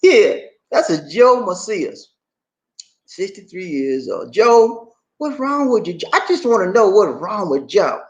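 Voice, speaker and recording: A man giving animated, preachy commentary on a news story, playful and repetitive, with questions for his audience. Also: high voice, measured pace, highs cut off. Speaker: commentary channel host.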